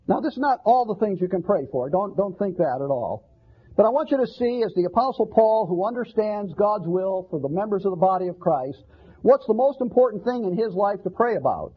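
The sermon comes from a man whose voice is high-pitched and husky, earnest yet conversational, with frequent repeated words and rhetorical questions. The lo-fi recording has a dull quality.

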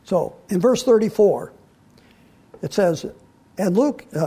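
A male pastor teaches through a Bible passage in a loose, conversational sermon. His voice sits high for a man, with a husky, mellow tone. He often restarts his sentences and slows down when he leans on a quoted verse. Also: expressive. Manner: conversational, with frequent restarts and fillers.

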